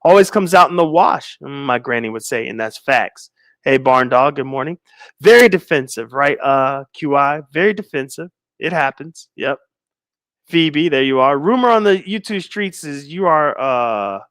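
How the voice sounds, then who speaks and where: A man in his forties hosts a livestream, reading viewers' comments in laid-back banter and slowing into emphatic stress on his key points. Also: medium pitch, animated, fairly bright tone, no room sound, clean studio sound. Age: 40s. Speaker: livestream host.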